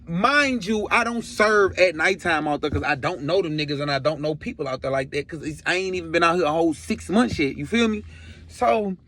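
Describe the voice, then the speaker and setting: A young man telling a story from his past in a slangy, animated way, acting out what other people said. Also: sits high. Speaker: storyteller vlogger.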